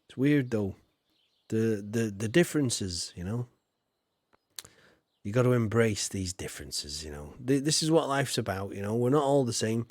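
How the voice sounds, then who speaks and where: A man's voice: fairly low pitch, lively intonation, moderate pace, darkish tone. A man with a Yorkshire accent chatting casually to his live-stream viewers, rambling and swearing mildly with lots of "you know". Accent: Yorkshire English. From Yorkshire, England. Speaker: game streamer.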